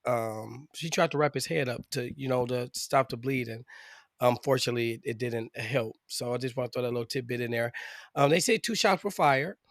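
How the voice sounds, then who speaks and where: A man's voice: mid-range voice, fairly quick, no room sound. Rambling male podcast host, dry sound. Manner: rambling, full of fillers and restarts. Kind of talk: casual true-crime podcast talk.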